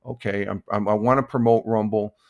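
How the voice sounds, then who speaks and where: An older man hosting a casual morning live stream, talking in a rambling, halting way with many restarts and chuckles. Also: fairly low pitch, fairly even intonation, a little mellow, highs cut off.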